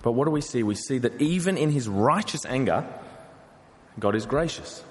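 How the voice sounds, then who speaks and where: A man delivers a sermon in an earnest preaching manner, asking his listeners rhetorical questions. His voice sits at an ordinary middle pitch. A long reverb trails behind him, as in a large hall. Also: animated, normal speed.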